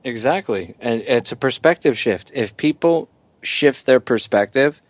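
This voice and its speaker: A man hosting a talk radio show, chatting loosely and rising high and loud whenever he riffs on a joke. His voice is dry and close, with no room sound. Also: unhurried, dry recording. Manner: animated, voice jumps high when joking. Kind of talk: casual talk radio chat.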